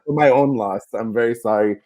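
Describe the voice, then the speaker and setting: A man's voice: mid-range voice, fairly quick, dark tone, dry recording, muffled recording. A male comedian, a guest on a casual podcast, who tells a story and laughs at his own punchline. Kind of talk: casual chat.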